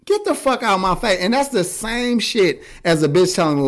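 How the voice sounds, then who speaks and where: Male co-host, casual podcast chat: a lively, swooping delivery, slightly high voice, blunt and profane. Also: fairly quick, hardly any pauses. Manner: animated, profane, blunt ranting.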